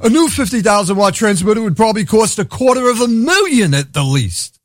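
A man's voice: high voice, very animated, brisk, no room sound, clean studio sound. A man with a Brooklyn accent hosting a radio show, rambling sardonically and laughing at his own jokes. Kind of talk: irreverent comedic radio monologue.

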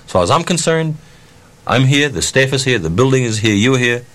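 A man's voice: mid-range voice, brisk. A man, a concert promoter, telling a profane anecdote and acting out the dialogue. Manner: animated, profane, acts out dialogue. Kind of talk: storytelling anecdote.

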